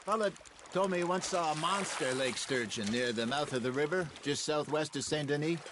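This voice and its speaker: An actor playing a wry, seasoned outlaw who spins folksy, unhurried fishing yarns in a video game. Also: male voice, on the high side, background noise, close to an everyday voice. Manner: folksy, unhurried yarn-spinning.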